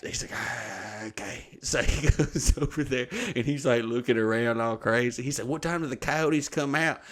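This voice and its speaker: A man's voice: mid-range voice, normal speed. Profane storytelling man. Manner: animated, swearing, bursts of laughter. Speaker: podcast co-host telling a story.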